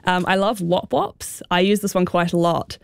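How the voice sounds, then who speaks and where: A woman's voice: on the low side, moderate pace, creaky, clean tone, dry recording. Chatty woman with a New Zealand accent. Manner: chatty, many fillers like "sort of" and "um". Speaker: guest expert on slang. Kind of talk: radio interview, explaining.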